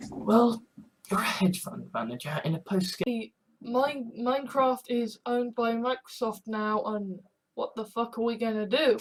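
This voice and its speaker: A woman's voice: a little high, animated, measured pace. A woman talking in a casual, rambling monologue, swearing often and restarting her sentences. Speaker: online commentator.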